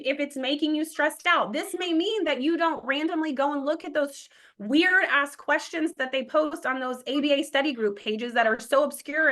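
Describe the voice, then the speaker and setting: A woman's voice: high-pitched, bright, forceful tone. A woman in her thirties, an exam prep instructor giving an emphatic motivational class talk and acting out quoted self-talk.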